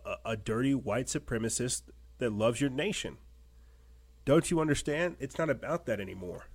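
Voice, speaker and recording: A man with a mid-range voice hosts a commentary show, reading articles aloud. He punctuates them with pointed rhetorical questions. He drives his points home by repeating himself. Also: mid-range voice. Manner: emphatic, repetitive rhetorical questions.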